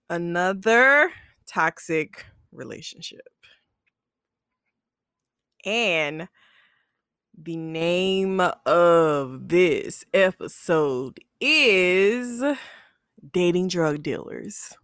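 A woman's voice: on the low side, animated, extremely slow, long pauses, fairly bright tone, smooth, dry recording, clean studio sound. A young woman hosting her own podcast, chatting playfully and then giving earnest, heartfelt advice. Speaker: podcast host. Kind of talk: casual storytelling talk.

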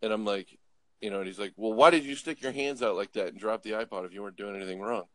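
A middle-aged man from Los Angeles casually telling a story, animated, acting out voices and restarting often. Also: fairly low pitch, fast talker, dry recording. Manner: animated, acts out voices, swears, frequent restarts. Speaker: guest storyteller.

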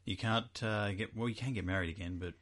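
A man's voice: lowish voice, fairly even intonation, fast talker, a bit bright. A man co-hosting a podcast, dry and teasing, mostly chiming in with short replies. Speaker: podcast co-host. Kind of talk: casual podcast chat.

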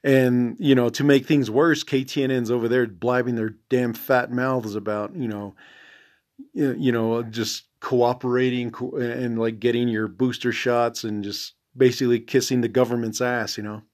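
Man, podcast host, mid-pitched, blunt and profane, rambling with fillers. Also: fairly even intonation, moderate pace, darkish tone. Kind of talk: casual monologue.

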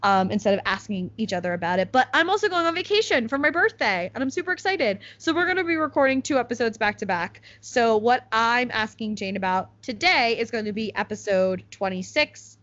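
A woman's voice: fairly high pitch, lively intonation, fairly quick, hardly any pauses, fairly bright tone. A young woman from the United States hosting a podcast in casual chat, with lots of "like" fillers. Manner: chatty, full of "like" fillers. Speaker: podcast host. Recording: slightly muffled podcast recording.

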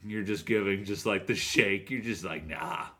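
A man's voice: lowish voice, moderate pace, fairly bright tone. Man, podcast co-host, casual chat, upbeat and rambling, fan of the show. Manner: enthusiastic, rambling, fan's defender. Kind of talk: casual wrestling review chat.

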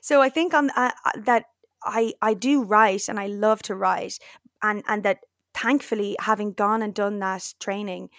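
Chatting casually as a guest, this young actor and comedian from Ireland is a lively storyteller who performs the lines people said to her. She speaks at a normal speed with a medium pitch, captured in studio quality with no echo.

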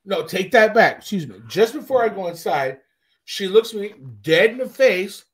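A man's voice: sits high, normal speed. A man from Canada, hosting a podcast, telling a profane story casually and acting out the scenes. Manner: profane, animated, acts out scenes. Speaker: podcast host.

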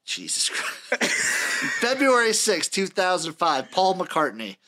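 A bright, somewhat high-pitched young man in his late twenties hosts a casual sports podcast. He runs through a list in order, reading out dates and acts with dry asides. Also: wildly swooping pitch, takes it slowly. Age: late 20s. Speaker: podcast host.

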